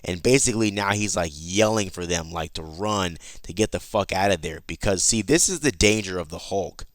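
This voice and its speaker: A comic book YouTuber with a low voice gives a loose, chatty recap of a comic issue at normal speed, swearing freely and often restarting his sentences. There's no room sound.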